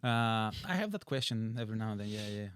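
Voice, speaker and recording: A man speaks as a fitness trainer guest on a podcast. His voice sits fairly low and his answers are plain and direct. The recording is dry and close. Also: expressive, quick pace, fairly bright tone, clear, resonant tone, dry recording. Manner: plain, direct, slightly non-native phrasing. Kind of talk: casual podcast interview.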